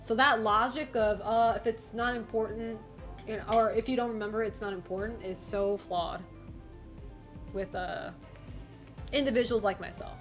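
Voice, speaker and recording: A woman's voice: on the high side, steady tone, moderate pace, soft background music. A woman streaming live, chatting casually with her viewers, giggling often and swearing now and then. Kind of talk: casual livestream chat.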